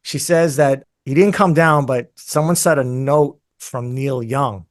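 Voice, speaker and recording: A man's voice: medium pitch, a little slow. A man telling a rambling story. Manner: rambling, animated, full of fillers and asides. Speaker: guest musician. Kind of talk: casual storytelling in an interview.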